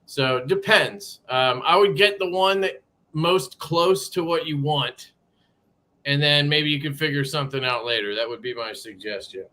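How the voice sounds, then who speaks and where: A man's voice: fairly high pitch, moderate pace, bright, forceful tone. A man hosting a casual live stream from a sparse room at home, greeting chatters by name in a loose, swearing way. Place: home room being moved into.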